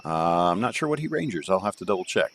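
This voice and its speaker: A man's voice: low voice, big pitch swings, quick pace, fairly bright tone, slight background noise. A man streaming live, reviewing golf courses in a rambling, joking way from home and thinking aloud with plenty of fillers. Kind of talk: casual live game commentary.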